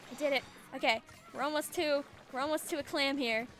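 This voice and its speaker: A woman calls out her moves in excitable, chatty let's-play commentary and laughs often. Her voice sits high and rings bright and sharp. Game music plays faintly behind her. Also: a little fast. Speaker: gaming video creator.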